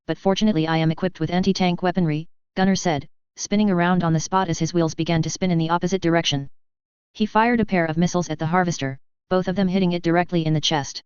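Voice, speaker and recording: A woman reading a story aloud as steady, even narration. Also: fairly low pitch, clear, resonant tone, no echo. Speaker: fanfiction reader. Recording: dull, muffled dry recording.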